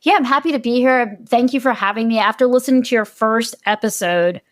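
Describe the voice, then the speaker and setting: A woman joining a podcast as the guest expert, chatting in an animated, laughing way and acting out her own reactions. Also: on the high side, a little fast, no echo, studio quality. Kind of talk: casual podcast chat.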